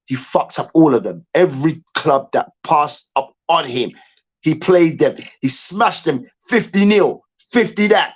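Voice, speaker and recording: Animated man ranting about sports. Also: a little high, a little slow, husky, lo-fi sound. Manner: animated, emphatic, repeats himself. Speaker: sports show host. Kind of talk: heated sports rant.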